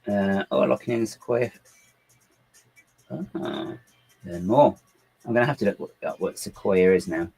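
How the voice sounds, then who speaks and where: A man's voice: fairly low pitch, a little slow, creaky, pauses often, darkish tone, slightly rough, soft background music, low-quality recording. A man chatting casually on a livestream as he builds LEGO, reading out viewers' comments and muttering his thoughts to himself. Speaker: LEGO builder streaming live.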